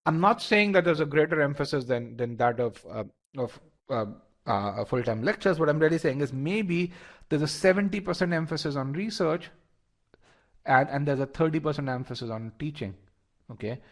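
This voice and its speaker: This instructor has a fairly high, expressive voice and speaks at a moderate pace. He's running a live online test-prep lesson, addressing his students directly and often repeating words or restarting sentences.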